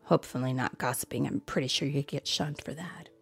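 A woman reading a children's storybook aloud, softly and often in a whisper, adding friendly asides to listeners. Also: rumbling low, fairly quick, gravelly, husky, faint music behind. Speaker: storybook reader.

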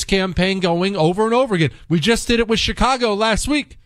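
A man's voice: high-pitched, expressive, brisk, few pauses, no room sound, clean studio sound. A young adult man hosting a talk radio show, ranting emphatically and sarcastically in repeated punchy lines. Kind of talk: opinionated talk radio monologue.

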